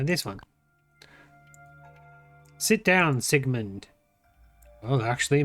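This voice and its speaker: An Australian man playing a game for his channel, reading its text aloud in his own voice, his pitch swinging up and down. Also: fairly bright tone. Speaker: gaming YouTuber. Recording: faint game music behind the voice. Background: faint game music.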